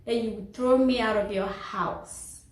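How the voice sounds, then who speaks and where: A woman's voice: fairly high pitch, fairly even intonation, unhurried. A woman vlogger candidly telling a personal story about a friend, emphatic and faith-filled. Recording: roomy echo, distant mic.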